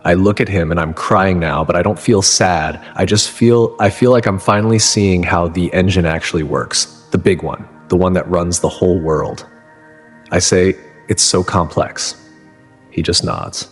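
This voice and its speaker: A man in his thirties from Texas, telling his own story in first person, earnest and halting, often breaking off and restarting. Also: sits low. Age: 30s. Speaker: narrator. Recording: long reverb with music underneath.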